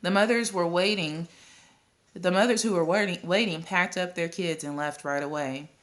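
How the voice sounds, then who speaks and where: A woman reading a children's novel aloud at a steady pace, with occasional coughs and restarts. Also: on the low side, moderate pace. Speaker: audiobook reader.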